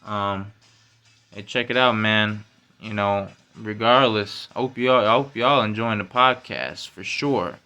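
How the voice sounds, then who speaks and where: A man hosting a casual solo podcast, talking in slangy, profane speech full of "you know" and "man", and getting loud and high when worked up. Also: unhurried, smooth, faint music behind. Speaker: podcast host.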